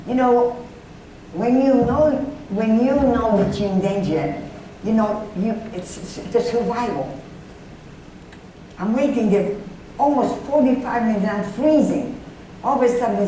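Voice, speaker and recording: An older woman with a medium-pitched, mellow voice, a Holocaust survivor, gives personal testimony about the war to students. She is emotional and halting, repeating words as she remembers. The mic is far off in an echoey room with faint noise.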